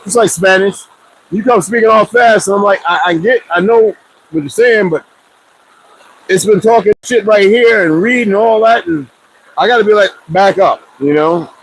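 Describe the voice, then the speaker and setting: Man, fairly high voice, easygoing vlogger who rambles and jokes to camera. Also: moderate pace, slight background noise, rough recording. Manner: loose, rambling, joking asides. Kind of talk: casual rambling chat to viewers.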